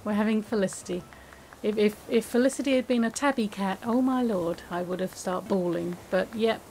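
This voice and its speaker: A woman chatting casually while playing a game, with many restarts and a soft, hesitant way of talking. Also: medium pitch, brisk, slight background noise, poor audio. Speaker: gaming video creator. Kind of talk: casual gameplay commentary.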